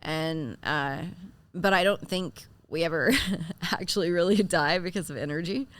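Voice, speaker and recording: Podcast woman, lowish voice, lots of ums, hesitant, laughs softly. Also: normal speed. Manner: hesitant, many fillers, soft laughs. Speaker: podcast co-host. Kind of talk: casual podcast chat.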